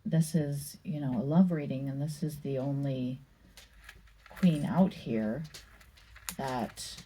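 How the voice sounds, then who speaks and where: Woman, tarot reader, unhurried, dark mellow tone, thinking aloud. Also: rumbling low, slightly rough, low-quality recording. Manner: slow, musing, thinks aloud with many pauses and fillers; reads card meanings aloud from a book. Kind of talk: casual tarot card reading.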